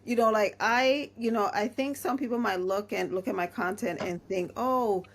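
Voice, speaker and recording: A woman's voice: medium pitch, steady tone, normal speed. A woman hosting a podcast, talking casually with many "you know" fillers. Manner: chatty, full of "you know" fillers, laughs often. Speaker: podcast host. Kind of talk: casual conversation.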